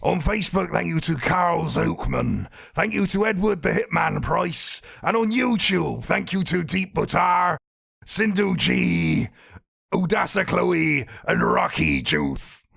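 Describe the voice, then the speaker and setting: A rough, husky pirate bellows and growls through the lines, put on by a Portsmouth man on a podcast. The voice is thick with gravel and swoops up and down as he hams it up. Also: high voice, sing-song, slow pace, heavily acted. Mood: gruff. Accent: English, Portsmouth. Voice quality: gravelly, rasping. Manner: growling shouted pirate bluster. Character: gruff rowdy male pirate. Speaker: podcast co-host.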